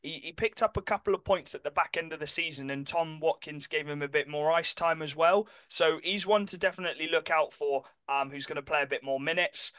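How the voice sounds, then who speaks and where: Man, podcast co-host, bright voice, dry close sound. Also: on the high side, brisk, few pauses, clear, resonant tone, dry recording. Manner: chatty, self-correcting, apologetic about pronunciation. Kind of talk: casual sports chat.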